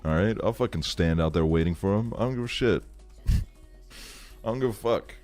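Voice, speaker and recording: This is a worn-out man in his twenties spinning a rambling tale on a live stream, speaking a little fast in a low, darkish voice. He swears a lot and laughs often, with faint music behind him.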